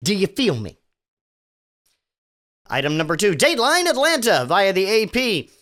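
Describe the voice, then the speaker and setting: A man's voice: high-pitched, wildly swooping pitch, normal speed, fairly bright tone. A man hosting a solo podcast, reading news items and mocking them with sarcastic, profane asides and stammering restarts. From Virginia. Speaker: podcast host.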